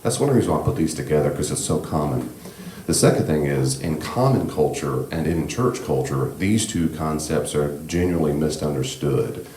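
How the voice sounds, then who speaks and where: Speaking into a handheld mic, a man with an extremely deep voice leads a church class on grief in a gentle, reassuring way, chatting conversationally with plenty of asides. He's expressive, moves at a moderate pace with hardly any pauses, and the room echoes over a faint hiss.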